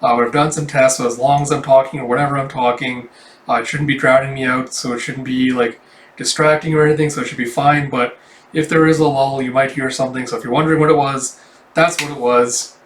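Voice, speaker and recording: A man's voice: mid-range voice, steady tone, fairly quick, a little hiss or hum. A man reading a comic aloud at home and chatting casually, with loose, rambling speech full of fillers. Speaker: comic reader and commentator. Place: room at home. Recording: roomy, distant mic.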